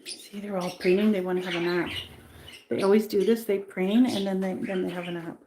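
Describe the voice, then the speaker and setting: Woman host, casual rambling livestream chat, bird room with birds clearly audible. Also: medium pitch, steady tone, a little fast. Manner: chatty, rambling, coos at her birds. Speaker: pet channel host. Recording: clear bird noise in the background. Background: birds chirping and squawking.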